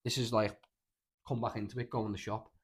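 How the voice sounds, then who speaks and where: A young man with a thick Scouse accent spins a rambling tale on a casual podcast. He talks very fast in a low voice, piling on slang and swearing as he goes. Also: slightly rough. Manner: rambling, animated storytelling with lots of slang and swearing. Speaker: podcast host. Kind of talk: casual chat.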